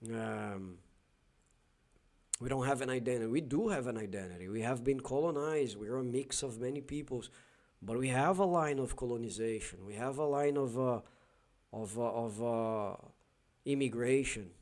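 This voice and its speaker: A man's voice: medium pitch, moderate pace, a little mellow. A Brazilian man with a Brazilian Portuguese accent, a Portuguese teacher hosting a casual live stream and thinking aloud with many fillers and restarts.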